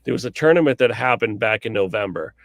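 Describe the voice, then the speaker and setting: Chatty man telling animated stories. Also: lowish voice, quick pace, vocal fry, no room sound, clean studio sound. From New England, US. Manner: animated storyteller with frequent fillers and restarts. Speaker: cornhole podcast co-host and commentator. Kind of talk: casual podcast chat.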